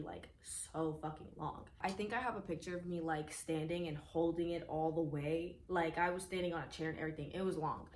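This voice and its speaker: Young woman, animated storytime, swears freely, lowish voice, faint background noise. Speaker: vlogger. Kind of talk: casual storytime.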